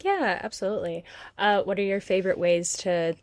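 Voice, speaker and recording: A woman's voice: medium pitch, a little fast, no room sound. A young adult woman from the United States who hosts a podcast, asking questions and telling stories loosely with frequent laughter. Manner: laughs often, friendly, loose storytelling. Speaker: podcast host. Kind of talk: casual interview chat.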